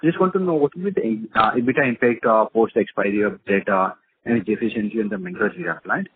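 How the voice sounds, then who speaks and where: On a muffled phone line with background noise, a male analyst asks questions during an earnings call. His fairly low, slightly rough voice halts often, with many fillers and uneven loudness.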